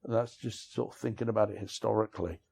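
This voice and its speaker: A man's voice: fairly low pitch, fairly even intonation, fast, vocal fry, darkish tone. A middle-aged man, an author, telling candid, rambling stories of his past outdoors on city streets, frank and self-deprecating. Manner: rambling, frank, self-deprecating, peppered with "you know what I mean". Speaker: author interviewee. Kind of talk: candid storytelling conversation.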